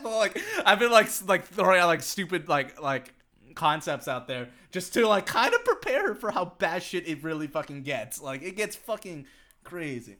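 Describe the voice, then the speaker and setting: A man's voice: a little high, sing-song, a little fast, bright, forceful tone. A young man co-hosting a podcast, chatting casually in a rambling way, swearing a lot, laughing often and saying "like" constantly. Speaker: podcast co-host. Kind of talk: casual chat.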